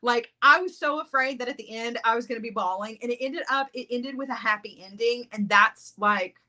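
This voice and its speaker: A woman's voice: a little high, brisk, bright, forceful tone. A middle-aged woman hosting a jewelry-making livestream, chatting casually, reading viewer comments and laughing often.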